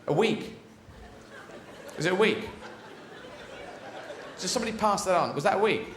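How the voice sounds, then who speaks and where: Animated man doing stand-up. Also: sits high, moderate pace, a crowd in the background, background noise. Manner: rambling, digressive, self-correcting. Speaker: stand-up comedian. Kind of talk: stand-up comedy routine. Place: large theatre stage. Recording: echoey theatre with audience laughter.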